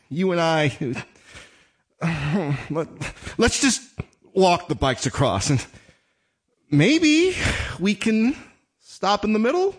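A man speaking one-sided dramatic monologues, halting and stammering with nervous restarts. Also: sits high, big pitch swings.

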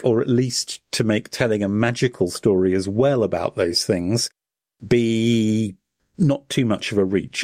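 A man's voice: fairly low pitch, darkish tone, dry recording, studio quality. A man, the author being interviewed, talking reflectively and searching for words. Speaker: author guest. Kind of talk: thoughtful interview talk.

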